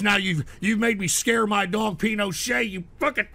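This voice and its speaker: Sick, shouting, gravelly-voiced male host. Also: high-pitched, normal speed, dry recording. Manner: exasperated, shouts at trolls, swears. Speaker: livestream talk show host. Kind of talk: casual livestream rant.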